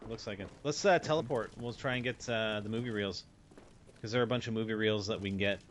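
A man's voice: fairly low pitch, fast talker, slight background noise. A man hosting a casual co-op zombie game session, chatty and jokey, thinking aloud as he plays. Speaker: gameplay host. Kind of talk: casual gaming chat.

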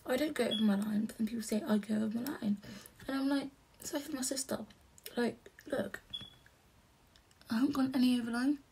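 A young woman vlogging casually as she does her makeup, talking softly and often half-whispering in a chatty way. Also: fairly high pitch, fairly even intonation, brisk, long pauses, slightly rough. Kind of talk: casual chat while doing makeup.

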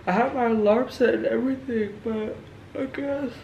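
A woman's voice: a little high, normal speed, warm tone, muffled recording, a little hiss or hum. A young woman vlogging casually to camera, rambling candidly with many fillers, tired and yawning. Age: young adult.

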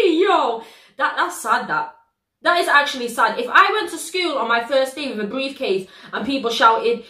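Lively British woman reacting in a roomy space. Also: sits high. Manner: slangy, animated, quick to laugh. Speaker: reaction video host. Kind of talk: excitable casual reaction commentary.

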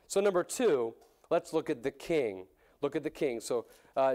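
A man's voice: fairly high pitch, normal speed, a little mellow. A man preaching a sermon in an earnest way, restarting and repeating phrases, his voice rising when he voices the crowds.

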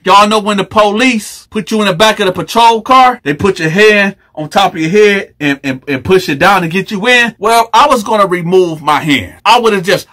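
A man telling a story in a casual, animated, slangy way, with joking asides to his viewers. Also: high-pitched, moderate pace, few pauses. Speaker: YouTube storyteller.

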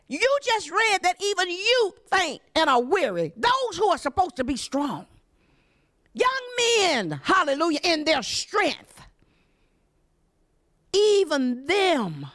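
Fervent high-voiced woman pastor preaching. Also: no echo, studio quality. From Southern United States. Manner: fervent, punctuated by shouted hallelujahs and cries. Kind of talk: impassioned sermon.

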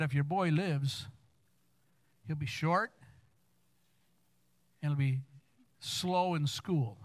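An older man in his sixties preaches from the pulpit, his voice sitting a little high for a man. He tells family stories plainly, then climbs into fervent, emphatic exhortation with stumbling restarts. The sound is dry and close, with almost no room echo. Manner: storytelling, rising to fervent emphasis; stammering restarts. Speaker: guest preacher. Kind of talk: sermon. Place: church sanctuary.

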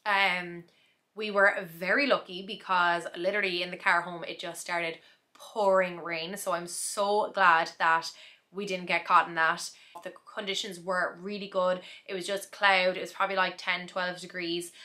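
A woman's voice: fairly low pitch, level tone, moderate pace, sharp tone. A young woman chatting in a casual vlog, recapping her day in a reflective, talkative way with frequent laughs. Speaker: vlogger.

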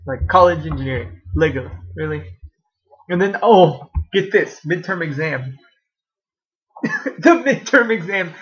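A man's voice: on the high side, slightly rough. Rambling young man on a lo-fi webcam. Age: young adult. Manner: rambling, sarcastic, laughs often. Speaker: vlogger. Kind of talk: casual webcam vlog. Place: at home.

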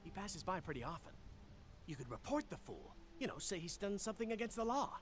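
Brief: gruff, exasperated farmer, lively pitch, noisy outdoor ambience behind. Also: male voice, a little fast. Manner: gruff, exasperated, rural drawl. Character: grumpy male farmer, fed up and suspicious.

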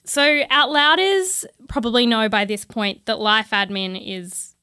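Australian woman, podcast co-host, bright tone, smooth clear voice, dry close sound. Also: a little high, unhurried, dry recording. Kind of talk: casual chat.

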